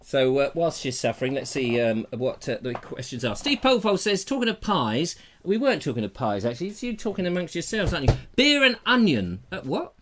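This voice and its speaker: A man's voice: medium pitch, big pitch swings, fast, few pauses, a little hiss or hum. A man from England hosting a live stream, chatting in a jokey, rambling, theatrical way on a lapel mic. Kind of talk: casual live chat.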